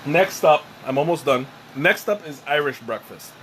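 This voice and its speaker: A man's voice, a little high and a bit bright, comes at a moderate pace with an animated energy and faint hiss or hum behind it. He's hosting an informal tea-tasting stream from home, fan running, rambling self-deprecatingly as he sweats and gets his breath back after choking.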